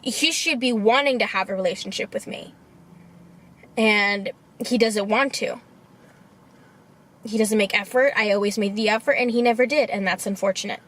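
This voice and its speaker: A woman in her twenties telling a personal story to her camera. She talks in a halting, emotional way and sounds tearful. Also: medium pitch, a bit bright. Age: 20s. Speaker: vlogger.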